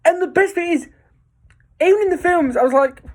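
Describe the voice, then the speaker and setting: A woman's voice: very high voice, brisk, a little mellow. A woman giving a casual, enthusiastic spoken film review, rambling with lots of fillers and restarts.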